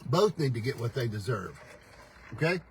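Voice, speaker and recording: A man's voice: mid-range voice, sing-song, normal speed, slight background noise, rough recording. An older man hosting a casual morning livestream, folksy and teasing, laughing often as he talks. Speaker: host. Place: pickup truck.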